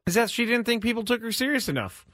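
A man hosting a sports talk show, chatting casually and rambling with frequent restarts and sudden jumps in pitch. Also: expressive, fast, fairly bright tone, dry recording, studio quality. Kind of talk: casual chat.

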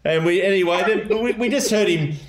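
A man's voice: high voice, fairly quick, roomy sound, a little hiss or hum. An Australian man hosting a podcast, telling a story in casual chat with lots of laughter and rambling restarts. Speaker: podcast host.

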